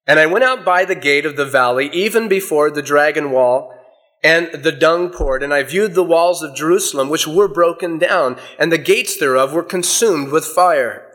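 Middle-aged male preacher with a high voice who reads scripture aloud and explains it. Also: moderate pace, fairly bright tone. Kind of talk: sermon with scripture reading.

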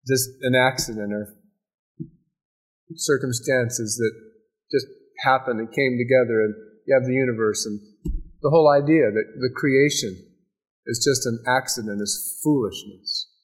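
Emphatic male preacher. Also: medium pitch. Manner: emphatic preaching with repeated phrases and dramatic pauses. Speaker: pastor. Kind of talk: sermon.

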